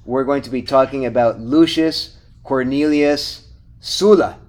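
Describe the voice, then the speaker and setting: A man's voice: medium pitch, measured pace, a little mellow. Middle-aged male podcast co-host, casual sign-off, eager and pleading. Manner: upbeat, pleading with listeners.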